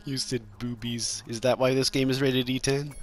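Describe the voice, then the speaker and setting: A man from Maine giving playful, jokey commentary while playing a game, talking to the characters on screen. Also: mid-range voice. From Maine, USA. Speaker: gameplay commentator. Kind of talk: casual gameplay commentary.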